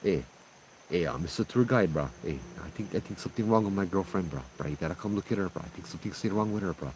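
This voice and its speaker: A man's voice: deep voice, quick pace, darkish tone, a little hiss or hum, lightly acted. A man voicing a panicky young local man with a Hawaiian Pidgin accent, frantically calling out over and over. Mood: worried. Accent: Hawaiian Pidgin English. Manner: frantic, repeats "bruh" over and over.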